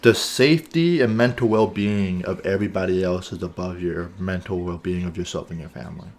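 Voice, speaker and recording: A man's voice: deep voice, fairly quick, a little mellow. A man co-hosting a podcast in casual chat, earnest and thinking aloud, often checking in with "right?". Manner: earnest, thinks aloud with many "right?" and "you know what I'm saying?". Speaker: podcast co-host.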